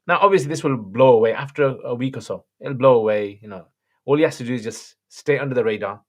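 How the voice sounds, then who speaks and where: Relaxed man hosting a livestream. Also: mid-range voice, fast. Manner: relaxed, chatty, laughs between answers. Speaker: livestream host answering viewer questions. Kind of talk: casual chat.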